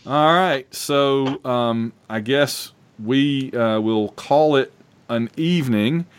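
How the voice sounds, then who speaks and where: A man co-hosting a sports podcast in casual chat, rambling and excitable, often breaking off mid-sentence. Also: mid-range voice, takes it slowly, smooth. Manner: rambling, excitable, self-interrupting. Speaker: podcast co-host.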